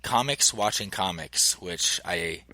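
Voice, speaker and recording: A man's voice: deep voice, slow, sharp tone, no room sound. A man with a Minnesota accent hosting a podcast, asking easygoing questions in casual chat. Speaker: podcast host.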